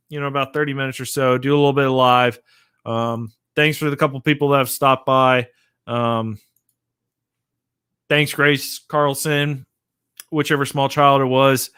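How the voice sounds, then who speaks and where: A man's voice: mid-range voice, a bit bright, clean tone, no room sound, clean studio sound. Laid-back man rambling on a live stream. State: sleepy, yawning. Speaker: comic book vlogger. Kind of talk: casual live-stream chat.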